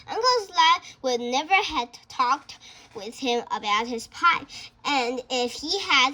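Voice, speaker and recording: A woman reads a children's novel aloud in a high voice. Her pace is slow and careful. She halts often, stumbling over words and restarting them. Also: sharp tone. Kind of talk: storybook read-aloud.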